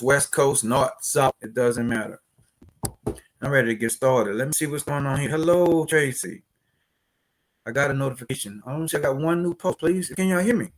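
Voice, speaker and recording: A man from New Orleans with a New Orleans accent, hosting a casual livestream and chatting directly with viewers before presenting steps. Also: medium pitch. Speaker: host of a business credit livestream.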